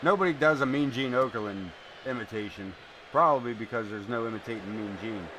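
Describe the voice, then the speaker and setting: A man streaming live, calling wrestling play-by-play and chatting casually in an excitable, rambling way, swearing now and then. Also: mid-range voice, a little fast, noisy background. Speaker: streamer commentating a wrestling game. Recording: music playing behind.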